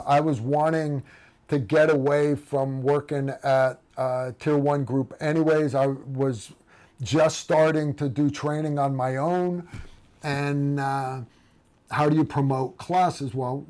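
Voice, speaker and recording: A man's voice: on the high side, a little mellow. Rambling man chatting on a livestream. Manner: rambling, many fillers and restarts. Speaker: host. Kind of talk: casual livestream chat.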